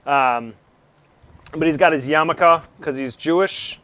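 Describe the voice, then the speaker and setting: A man's voice: on the high side, takes it slowly, a bit bright, no room sound. A man running a tabletop game as game master, narrating in a rambling way with lots of fillers.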